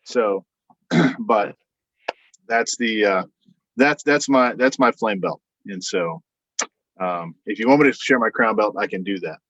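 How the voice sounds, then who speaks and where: A man's voice: measured pace, pauses often, no room sound. A man telling a long anecdote as a guest, in a casual, rambling way, acting out what others said. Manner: rambling, animated retelling with quoted voices and frequent fillers. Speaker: podcast guest. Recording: dull, dry low-fidelity sound.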